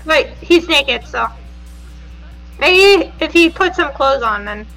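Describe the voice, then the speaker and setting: A woman's voice: high voice, expressive, takes it slowly, fairly bright tone, faint music behind, rough recording. A woman chatting casually during a game stream, giving short replies and laughing often. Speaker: co-player on a stream. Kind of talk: casual chat while gaming.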